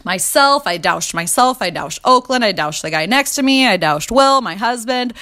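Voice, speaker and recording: A woman's voice: on the high side, expressive, moderate pace, pushed and bright. A young woman in her twenties telling funny mom-fail stories in a casual confessional chat, laughing often and swearing freely. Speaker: mom vlogger.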